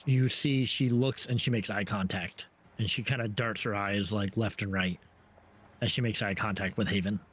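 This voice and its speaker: A man's voice: on the low side, fairly even intonation, normal speed, fairly bright tone, husky. A man narrating as game master for a tabletop game, hesitant with many fillers and restarts. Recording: dull lo-fi stream audio with faint ambience.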